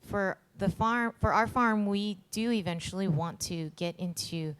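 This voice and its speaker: A woman's voice: mid-range voice, measured pace, clean tone. A woman farmer speaking casually and a little hesitantly on a panel. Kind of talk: panel talk.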